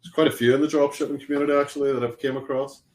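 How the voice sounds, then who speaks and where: A man from Northern Ireland with a Northern Irish accent, co-hosting a live webinar in relaxed, easygoing banter. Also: medium pitch, very fast. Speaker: webinar co-host. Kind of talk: casual live-stream chat.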